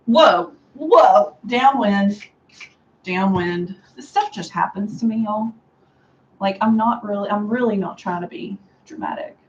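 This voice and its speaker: A woman chatting casually through a hair styling tutorial at home, sarcastic and quick to laugh. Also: medium pitch, dull audio, slight background noise. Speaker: beauty vlogger. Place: home room with a fan.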